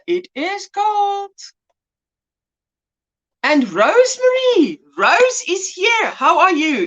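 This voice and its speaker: A woman's voice: high-pitched, a bit bright, muffled recording. A woman hosting a casual livestream, greeting viewers by name with pet names and laughing often. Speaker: livestream host. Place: indoors at home.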